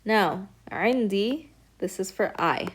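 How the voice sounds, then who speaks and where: A woman's voice: mid-range voice, lively intonation, a little slow, a little hiss or hum. A woman teaching a recorded beginner Arabic lesson, explaining patiently step by step and saying each word aloud as an example. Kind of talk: recorded lecture.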